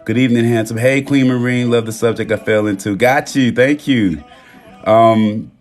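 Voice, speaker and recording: A man hosting a live stream from his phone, talking in a relaxed, reflective way with loose slang and pausing to read viewer comments. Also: mid-range voice. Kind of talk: casual live-stream talk. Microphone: phone mic.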